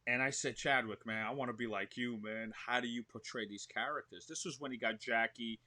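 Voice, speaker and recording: A man with a New York accent talks in a relaxed podcast interview, his voice bright and cutting. He tells stories with plenty of animation and slips into acting them out as he goes. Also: mid-range voice, brisk. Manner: animated storyteller, acts out what he describes. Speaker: guest actor.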